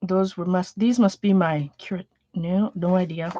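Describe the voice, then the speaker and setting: A woman's voice: fairly low pitch, fairly even intonation, a little slow, warm tone. Chatty rambling woman, lo-fi sound. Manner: rambling, chatty, trailing off and restarting. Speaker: art journaling vlogger. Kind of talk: casual chat while sorting art supplies.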